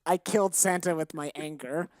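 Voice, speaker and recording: A woman's voice: deep voice, normal speed, low-quality recording. A woman co-hosting a podcast, ranting heatedly with lots of swearing and exasperation. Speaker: podcast co-host. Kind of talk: casual chat.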